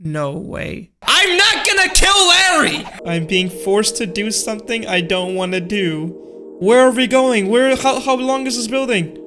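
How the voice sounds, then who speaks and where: A man giving joking, excitable let's-play commentary as he plays a game. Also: sits high, a little slow. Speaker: gaming host. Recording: game music behind.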